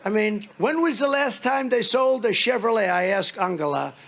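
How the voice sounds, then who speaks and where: Man, rally speech, high-pitched, gravelly, rambling, mocking anecdotes. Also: lively intonation, moderate pace, a bit bright. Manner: rambling, mocking storytelling with acted-out dialogue. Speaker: political speaker at a rally.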